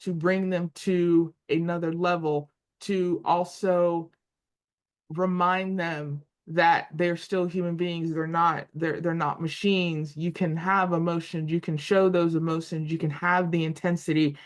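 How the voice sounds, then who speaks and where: A woman's voice: on the low side, level tone, a little slow. A woman in her forties co-hosting a sports talk show, thinking aloud with frequent restarts and repeated words. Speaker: podcast co-host.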